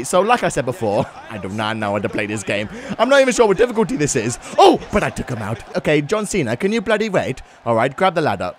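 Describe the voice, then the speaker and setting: A young man giving excitable, laughing commentary while playing a wrestling video game. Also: a little high. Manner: loud, laughing, swings between shouts and mumbles. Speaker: gaming YouTuber.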